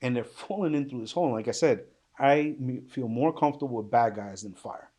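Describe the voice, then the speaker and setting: A man's voice: mid-range voice, brisk, mellow. Blunt middle-aged man telling a vivid story. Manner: vivid, emphatic retelling that acts out quoted speech; plain-spoken, blunt, swears. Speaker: guest, retired police officer. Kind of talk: emotional first-person storytelling in an interview.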